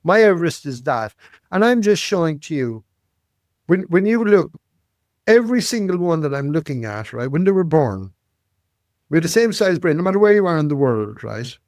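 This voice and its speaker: A man, telling life stories as a podcast guest, animated and repeating words, often tagging lines with "right?". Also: on the high side, normal speed, no echo, clean studio sound. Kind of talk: storytelling interview.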